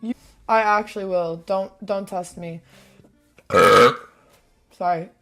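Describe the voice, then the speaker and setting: A woman streamer chatting casually, burping loudly and often, apologizing, and swearing bluntly. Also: medium pitch, steady tone, takes it slowly, faint music behind. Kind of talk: casual live-stream chat.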